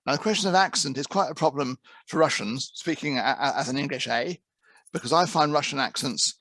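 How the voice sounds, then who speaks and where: A man's voice: fairly high pitch, a little fast, fairly bright tone, no room sound. A man heading an interpreting course, giving a conversational presentation to trainee interpreters and often repeating words as he restarts a thought. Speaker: interpreting course head and teacher.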